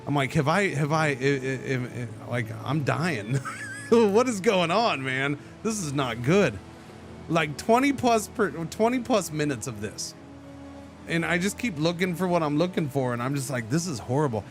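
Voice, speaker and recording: Male streamer, fairly high voice that swings widely, rambling casual storytelling, music playing behind. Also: normal speed. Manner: rambling, animated, many restarts. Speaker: game streamer. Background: background music.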